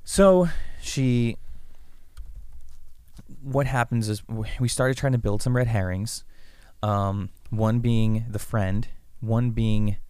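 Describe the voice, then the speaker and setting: A man pitching a thriller plot in a casual writers' room brainstorm, rambling with fillers and acting out lines of dialogue. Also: slow, darkish tone, smooth, no echo. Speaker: screenwriter pitching a story.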